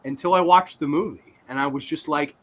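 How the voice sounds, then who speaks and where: A man hosting a casual podcast, reviewing films in an animated style and swearing freely. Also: fairly high pitch, a little fast. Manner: animated, swearing, voices his own reactions. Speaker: podcast host. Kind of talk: casual movie review chat.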